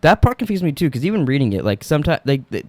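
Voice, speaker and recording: A man's voice: a little high, very animated, rapid-fire, darkish tone. A man hosting a casual podcast about a horror movie, laughing a lot and swearing freely. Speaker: podcast host.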